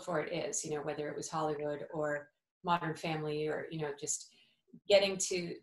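A woman's voice: low-pitched, steady tone, fairly quick, echoey room, low-quality recording. A woman in her fifties from New Jersey with a slight New York accent, speaking thoughtfully and with animation in an interview, with many fillers and restarts. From New Jersey, USA. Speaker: actress, interview guest. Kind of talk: conversational interview.

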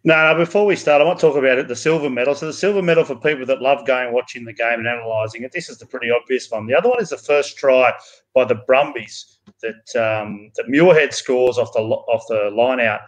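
Animated male rugby analyst co-host. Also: medium pitch, a little fast, rough recording. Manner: animated, explanatory. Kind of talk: sports analysis chat.

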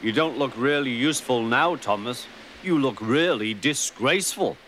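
A man's voice: medium pitch, lively intonation, moderate pace, a bit bright, a little hiss or hum, lightly acted. A man voicing a small cheerful male engine in a storybook, who teases and wails. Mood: teasing. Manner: giggly and teasing, wailing when scared.

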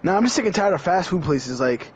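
A man's voice: sits high, expressive, fast, breathy edge. A young man chatting casually during a game, teasing his friend and joking around. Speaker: gamer. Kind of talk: casual gaming chat.

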